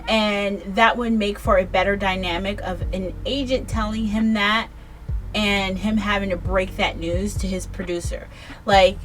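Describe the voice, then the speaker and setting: A tipsy woman giving a casual book review, rambling and swearing freely, often restarting her sentences. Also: mid-range voice.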